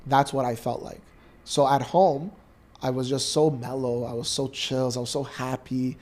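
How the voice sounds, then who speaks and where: A Canadian man in his thirties, a podcast co-host, telling an emotional personal story in an earnest, animated way. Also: medium pitch, normal speed.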